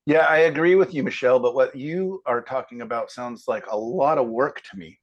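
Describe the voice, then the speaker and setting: A man teaching a painting class in a casual critique, easygoing and joking, thinking aloud with plenty of pauses and fillers. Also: mid-range voice, lo-fi sound. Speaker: painting instructor.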